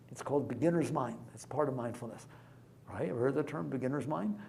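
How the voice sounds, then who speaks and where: A man's voice: mid-range voice, creaky, a little hiss or hum. Man lecturing with rhetorical questions. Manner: conversational, peppered with rhetorical questions; swings between hushed asides and loud emphatic bursts. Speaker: lecturer on mindfulness. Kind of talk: live lecture to an audience.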